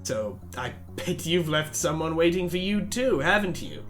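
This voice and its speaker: A man's voice: fairly high pitch, very animated, normal speed, music in the background. A man voicing a blunt, volatile teenage girl while reading a visual novel aloud, with snappy, hostile outbursts. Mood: wistful.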